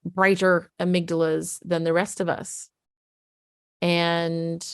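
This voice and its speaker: This middle-aged woman, a parenting coach, has a lowish voice and explains things to camera in an earnest, conversational style, often acting out the voices in her quotes. The studio sound is clean, with no echo.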